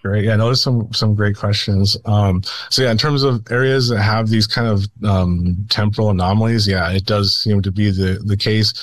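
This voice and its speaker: Low-voiced man rambling with nervous laughs. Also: steady tone, moderate pace, few pauses, dry recording. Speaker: guest. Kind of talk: radio interview talk.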